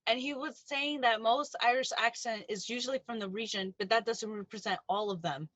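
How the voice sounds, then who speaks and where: An American woman co-hosting a podcast in excitable casual chat. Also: a little high, brisk, no echo, highs cut off. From United States. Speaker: podcast co-host.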